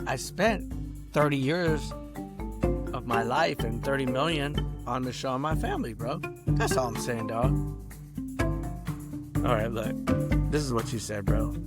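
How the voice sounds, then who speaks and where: A middle-aged man in an angry, rambling vlog rant, swearing and ending sentences with "bro" and "dog". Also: medium pitch. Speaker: vlogger.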